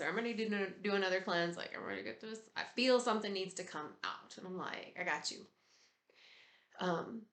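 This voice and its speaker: A woman speaking as a spiritual guide in a casual, blunt talk, swearing freely and getting animated. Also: medium pitch, reverberant.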